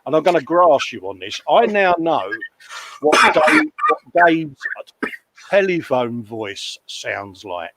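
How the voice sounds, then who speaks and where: A British man chatting casually on a live stream from his workshop bench, his voice sitting a touch high. He banters with his co-host and greets viewers by reading out their comments. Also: very animated, slow pace, noisy background.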